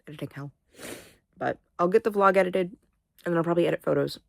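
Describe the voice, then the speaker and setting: A woman's voice: fairly low pitch, fast talker, vocal fry, dry recording, clean studio sound. A sleepy, sniffly young woman vlogging in casual, rambling chat, swearing freely. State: sleepy, yawning; sniffly, congested.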